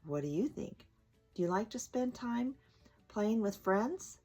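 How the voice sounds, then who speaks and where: Woman storyteller, slow, lively bedtime reading with children's questions. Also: medium pitch, faint music behind. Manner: gentle, asks children questions.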